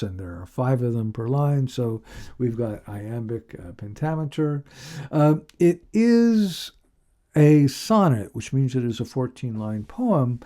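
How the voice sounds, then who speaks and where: A man's voice: mid-range voice, warm tone. A man giving a recorded literature lecture, reading a poem aloud and then explaining it with frequent ums and uhs. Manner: slow, measured reading with frequent fillers.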